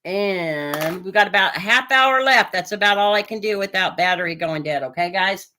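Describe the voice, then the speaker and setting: Bright-voiced chatty woman tarot reader. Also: mid-range voice, moderate pace. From Oregon, US. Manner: chatty, hesitant, many fillers. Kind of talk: live-stream tarot reading.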